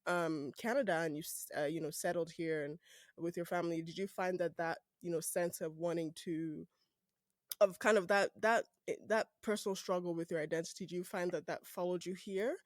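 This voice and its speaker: A man from Nigeria hosting a casual interview podcast, playful and quick to laugh as he asks questions. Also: high voice, no room sound, studio quality. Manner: laughs often, animated and playful. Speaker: podcast host.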